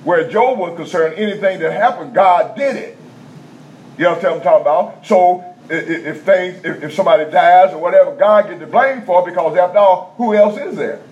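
A man preaching a teaching sermon in a conversational style, checking in with the congregation and repeating key points slowly in vernacular speech. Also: high voice, darkish tone. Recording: dull lo-fi sound with faint background noise.

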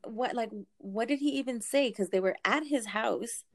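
A young woman casually telling a story, animated, swearing and laughing as she goes. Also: on the high side, normal speed.

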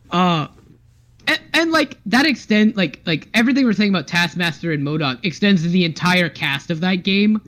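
A young man co-hosting a podcast in casual chat. He is animated, laughs often and talks with many fillers. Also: high voice, moderate pace. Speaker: podcast co-host.

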